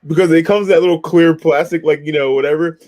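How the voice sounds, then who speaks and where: A man's voice: on the high side, steady tone, darkish tone. Rambling man in casual chat. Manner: rambling, halting, with frequent fillers. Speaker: podcast co-host.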